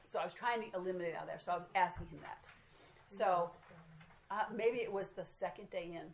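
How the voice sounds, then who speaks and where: A woman's voice: fairly low pitch, brisk, creaky, a little hiss or hum, low-quality recording. A woman teaching a small group in a casual, self-deprecating way, recorded in a meeting room. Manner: chatty, self-deprecating storytelling. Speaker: Bible study teacher.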